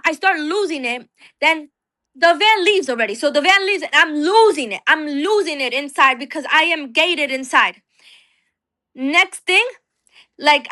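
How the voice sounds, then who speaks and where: A woman's voice: high voice, sharp tone. A young woman from New Jersey, an interview guest telling an emotional personal story, restarting and repeating words as she talks.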